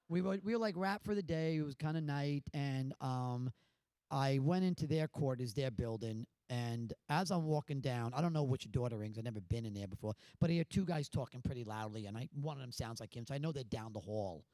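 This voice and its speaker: A man on a panel telling a long, animated story and laughing often. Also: mid-range voice, brisk, no room sound. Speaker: panel guest. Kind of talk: anecdote on a panel.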